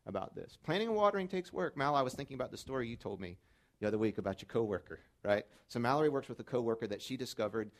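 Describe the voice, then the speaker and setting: Fervent preaching man, building to loud peaks. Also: medium pitch, animated, racing. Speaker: pastor. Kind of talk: sermon.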